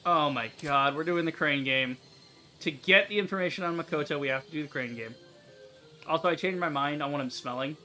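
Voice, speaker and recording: Young guy rambling over a video game, bright voice, lots of likes and ums. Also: mid-range voice. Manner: rambling, talkative, many fillers and restarts. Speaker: gaming YouTuber. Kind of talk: casual gameplay commentary.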